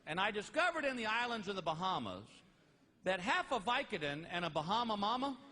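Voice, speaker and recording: A high-voiced male stand-up comedian tells a story with big swoops of pitch. He punches lines with shouts and quick impressions. The live recording is noisy throughout. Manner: animated, exaggerated, slipping into voices and shouts.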